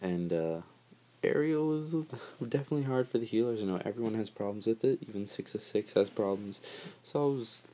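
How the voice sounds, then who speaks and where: A man's voice: on the low side, brisk, warm tone. A man giving casual, chatty gameplay commentary over his footage, joking about himself and laughing often.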